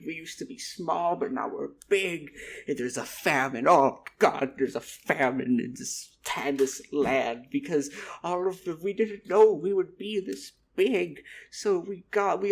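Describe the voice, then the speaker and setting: A man's voice: a little high, gravelly. A man voicing a fretful old male goblin blacksmith who is dramatic and flustered, stammering through an improvised comic story.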